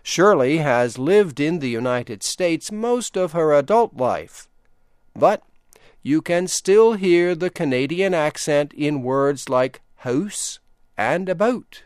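An older man from Delaware with an Eastern Shore accent, reading a scripted radio program in a slow, deliberate way. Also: a little high, clean tone, no echo, clean studio sound. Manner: deliberate, measured delivery with lively intonation. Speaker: radio announcer.

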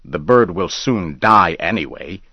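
A man's voice: deep voice, unhurried, vocal fry, slightly rough, dry recording, full character voice. A man doing a cool, menacing hunter. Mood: cool, threatening. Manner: cool, quiet, even-toned commands. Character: cool, threatening adult male hunter with a gun. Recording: dull lo-fi recording.

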